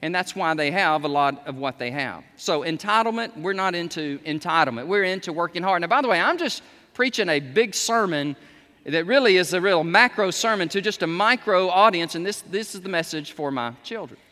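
A man's voice: high voice, lively intonation, a little fast. A man, preaching a sermon with emphatic peaks on key words. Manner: emphatic, rising to near shouts on key words. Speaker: pastor. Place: church sanctuary. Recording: long reverb of a large hall.

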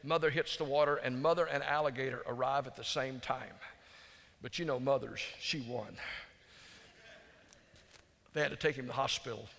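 A man preaching a storytelling sermon in a folksy, conversational way, dropping to hushed tones for emphasis. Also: medium pitch, fairly even intonation, moderate pace, gravelly, pauses often. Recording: long hall reverb.

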